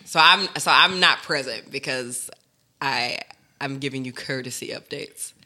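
Woman, bright voice, animated podcast co-host, acts out quotes, laughs a lot. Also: rumbling low, a little slow. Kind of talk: casual banter with partner.

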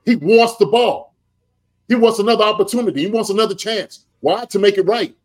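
Man talking football, storytelling tone, keeps asking "right?", slightly high voice. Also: fairly quick. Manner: preachy storytelling with rhetorical "okay?" and "right?". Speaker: podcast co-host, former tight end. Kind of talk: animated sports analysis.

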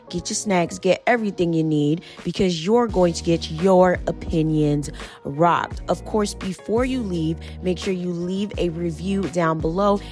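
A woman podcast host from New Jersey, speaking with a hoarse, worn voice that keeps cracking in and out. She delivers sassy, profane opinions in a loose, casual monologue. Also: on the low side, a little mellow. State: losing her voice, hoarse.

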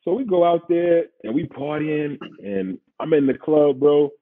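A man from Queens, telling a story as a guest in a lively, slangy way and acting out the quotes. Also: a little high, a little slow. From Queens, New York. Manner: animated, slangy, acts out quotes. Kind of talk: casual storytelling. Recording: phone-like narrow sound.

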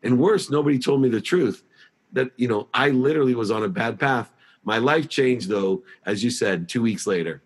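A middle-aged man telling his life story as an interview guest, emphatic and animated. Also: mid-range voice, normal speed. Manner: emphatic, acts out past dialogue in a raised voice.

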